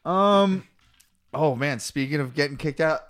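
A young man swaps stories on a casual podcast, his voice sitting a little high. He swears freely and acts out the people he talks about, shouting their lines. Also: a little slow. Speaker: podcast co-host.

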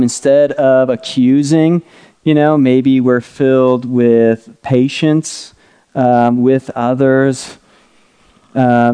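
A man's voice: medium pitch, warm tone, clean tone. A middle-aged man preaching a conversational teaching sermon, drawing a diagram on a board as he talks and often checking in with "right?" and "okay?". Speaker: pastor.

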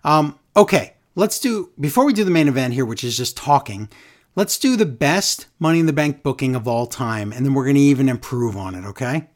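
A woman co-hosting a casual wrestling recap podcast, animated and incredulous. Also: extremely low pitch. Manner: animated, incredulous, does quick impressions. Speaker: podcast co-host.

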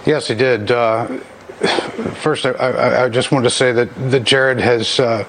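A father answering an interviewer in a halting, hesitant way, with many pauses and fillers. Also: medium pitch, fairly even intonation, a little hiss or hum, low-quality recording. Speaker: interview guest, bereaved father.

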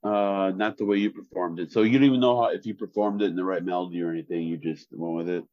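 A man, co-hosting a casual podcast chat in a flat, deadpan way with lots of fillers. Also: deep voice, fast talker, dry recording, dull audio. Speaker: podcast co-host.

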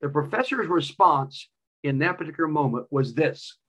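A man's voice: fairly high pitch, lively intonation, normal speed, fairly bright tone, low-quality recording. A male preacher delivering a sermon with a personal story, emphatic and repeating key phrases.

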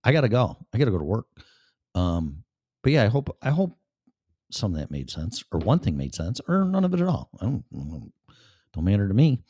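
A man's voice: lowish voice, very animated, moderate pace, warm tone, breathy edge, no echo, studio quality. A man in his fifties from Chicago with a Chicago accent, hosting a casual podcast monologue in a blunt, profane, rambling way. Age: 50s. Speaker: podcast host.

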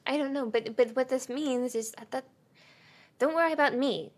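A woman's voice: high voice, moderate pace. A woman playing a tabletop role-playing game in character, talking casually with hesitant, stammering restarts.

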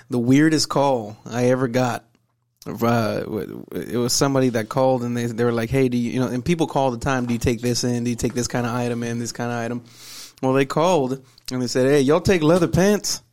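A man's voice: medium pitch, little pitch movement, a little fast, a little mellow. A man co-hosting a church podcast, telling stories in a chatty casual way and laughing often. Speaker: podcast co-host, church drummer. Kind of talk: casual chat, storytelling.

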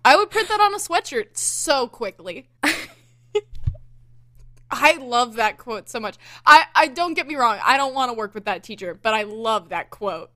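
Bright, lively woman co-host. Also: on the high side, measured pace, no echo, studio quality. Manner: enthusiastic, laughs often. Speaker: singer and co-host. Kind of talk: casual chat.

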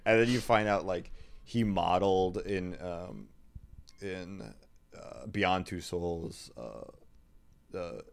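Brief: young male guest, slightly low pitch, animated podcast banter. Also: slow, creaky, long pauses. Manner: animated, mock voices in bits. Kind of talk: casual podcast chat.

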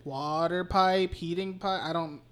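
A man's voice: a little high, fairly even intonation, unhurried, smooth. Rambling, profane male podcast host. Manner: rambling, profane, laughing recap. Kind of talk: casual movie recap chat.

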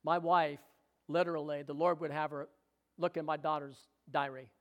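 A man's voice: a little high, flat delivery, normal speed, dull audio. A middle-aged man preaching a sermon, calling for amens and joking with his congregation. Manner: exclamatory, calls for amens and jokes with the congregation. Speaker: pastor.

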